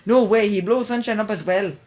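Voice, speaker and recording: A gruff, bossy tugboat who snaps out his orders, as a storybook reader puts him on with a voice pushed well up and loud. He stays blunt and short with everyone. The story is told like a picture book read aloud. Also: medium pitch, brisk, voice pushed up, close to an everyday voice. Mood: alarmed. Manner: snappish and blunt. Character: tough, bossy male tugboat. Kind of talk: storybook reading.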